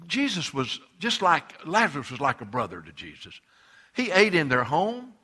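A man preaching a sermon, emphatic, with frequent repeated words and big swings between loud declarations and hushed, earnest passages. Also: a little high, big pitch swings, moderate pace. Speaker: pastor.

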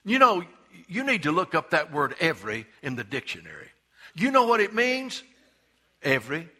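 A man preaching a sermon, emphatic, repeating words for stress and swinging between loud and hushed delivery. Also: on the high side, huge pitch swings, moderate pace. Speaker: pastor.

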